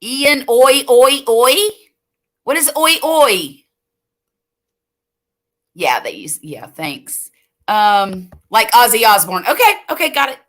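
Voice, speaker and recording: An older woman from the US Gulf Coast talks at an unhurried pace in a clear, bright voice. She hosts a late-night stream from home, rambling between viewer comments and laughing easily. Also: mid-range voice, very animated. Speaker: late-night livestream host. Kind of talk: casual chat reading viewer comments.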